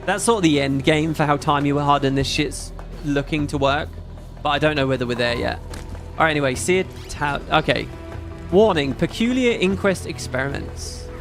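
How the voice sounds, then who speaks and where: A man chatting casually over gameplay as a YouTube host, rambling and excitable, swearing freely. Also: on the high side, normal speed, over music. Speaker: gaming YouTuber.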